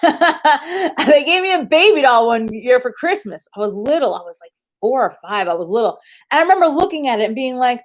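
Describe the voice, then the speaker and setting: A woman chatting on a live stream, telling animated, profane stories with frequent laughs. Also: sits high, a little fast. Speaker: livestreamer. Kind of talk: casual live-stream chat and storytelling.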